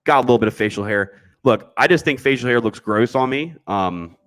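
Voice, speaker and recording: A man's voice: mid-range voice, lively intonation, brisk, fairly bright tone. A man hosting a casual livestream podcast, reading chat messages and answering them bluntly, with frequent restarts and slang.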